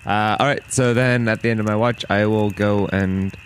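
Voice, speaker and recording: A man's voice: on the low side, fairly even intonation, moderate pace, a little hiss or hum. A man playing a tabletop game, joking and swearing casually in character. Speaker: player.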